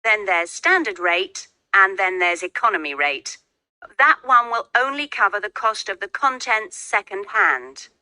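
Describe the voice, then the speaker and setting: A businesslike shipping clerk, lively high voice, bright, dry. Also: female voice, a little slow, dry recording. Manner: polite, businesslike. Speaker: agent in a listening-test dialogue. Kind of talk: scripted exam dialogue.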